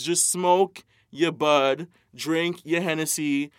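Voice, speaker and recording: Young AAVE-man, profane animated rant, slightly high voice, close dry sound. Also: normal speed, hardly any pauses, smooth, no room sound. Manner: animated, profane, mocking impressions, frequent laughs. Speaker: podcast co-host. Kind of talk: casual rant.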